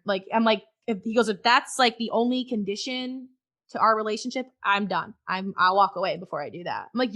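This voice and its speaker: A woman's voice: on the high side, pushed and bright. A woman guest on a podcast, frankly telling a personal story in conversation and swearing freely.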